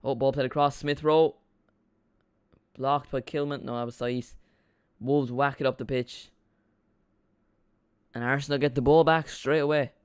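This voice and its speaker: A man's voice: mid-range voice, steady tone, a little slow, pauses often, clear, resonant tone. A man streaming a live watch-along, chatting casually in a rambling way, repeating himself and reacting to the play.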